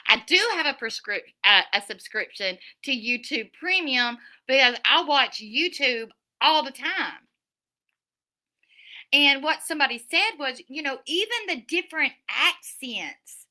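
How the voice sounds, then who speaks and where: A woman's voice: high-pitched, a little slow. A middle-aged woman, hosting a livestream, chatting casually with viewers and telling stories. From Southern United States. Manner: chatty storyteller, animated, many restarts. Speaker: livestream host. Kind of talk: casual chat reading viewer comments.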